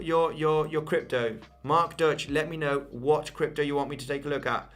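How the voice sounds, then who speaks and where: A man's voice: a little high, steady tone, moderate pace, few pauses, a bit bright, faint music behind. Spanish-raised man hosting a crypto livestream. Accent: English, picked up from an Isle of Man mother. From Spain. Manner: repetitive, many fillers and restarts, addresses viewers as guys. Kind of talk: live chart analysis, reading chat.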